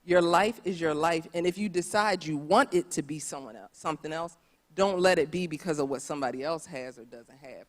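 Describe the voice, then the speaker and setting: A woman speaking on a church conference panel, animated and emphatic, repeating phrases for stress. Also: sits low, a little fast. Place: church auditorium.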